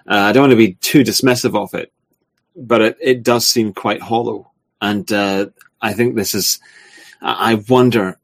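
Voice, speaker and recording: A man with a fairly low voice leads the conversation as interviewer. He talks carefully and hesitantly, with many fillers and restarts. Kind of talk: casual podcast conversation.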